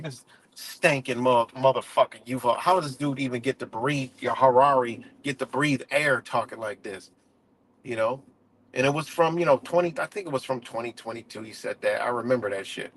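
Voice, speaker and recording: A man's voice: mid-range voice, a bit bright. A man hosting a casual livestream, ranting heatedly and profanely with lots of fillers and restarts. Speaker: livestream host.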